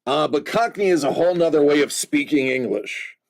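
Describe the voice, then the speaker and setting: A man hosting a card-break stream, chatting casually and rambling with jokes and filler pauses. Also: on the high side, gravelly, darkish tone. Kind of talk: casual livestream chat.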